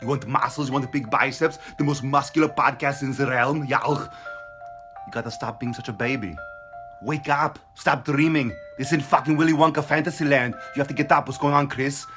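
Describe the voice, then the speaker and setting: Male fitness vlogger, loud profane hype man, punchy tense tone. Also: mid-range voice, steady tone, normal speed, soft background music. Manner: profane, mocking, hyped-up. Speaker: fitness vlog host. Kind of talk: brash motivational rant.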